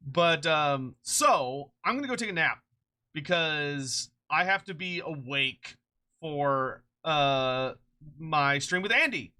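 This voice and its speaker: A streamer chatting casually on a live stream, excitable and rambling, swearing freely and laughing often, short on sleep. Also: medium pitch, takes it slowly. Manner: rambling with frequent restarts.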